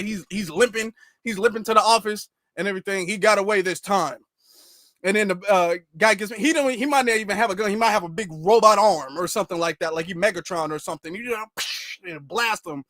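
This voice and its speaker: Animated, repetitive ranting male host. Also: high voice, fast, no echo, studio quality. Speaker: commentary channel host. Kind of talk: ranting commentary.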